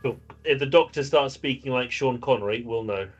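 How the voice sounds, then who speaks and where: A man's voice: medium pitch, fairly quick, highs cut off, soft background music. Chatty male tabletop player. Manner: chatty, works through dice rules aloud. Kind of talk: casual tabletop play.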